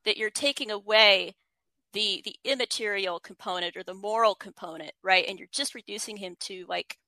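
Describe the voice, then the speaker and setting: A woman's voice: medium pitch, moderate pace, bright, forceful tone, no room sound, low-quality recording. A woman writer giving an interview, explaining ideas earnestly and reading quotes aloud. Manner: earnest, frequent restarts, reads quotes aloud. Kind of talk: thoughtful conversational explanation.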